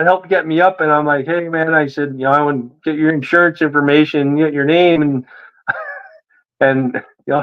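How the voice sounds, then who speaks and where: A man telling a story in a casual interview, animated and acting out the voices of the people he quotes. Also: fairly high pitch, highs cut off. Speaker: guest.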